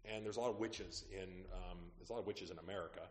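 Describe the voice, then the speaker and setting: A man's voice: low voice, fast. Guy pastor telling church stories, chatty sermon, big echoey hall. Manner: animated, conversational, trailing off quietly at asides. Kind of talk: sermon storytelling. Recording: echoey hall with long reverb.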